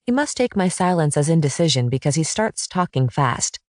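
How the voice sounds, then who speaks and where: A woman narrating a first-person romance audiobook in an expressive, intimate manner. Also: sits low, moderate pace, hardly any pauses, dry recording, studio quality.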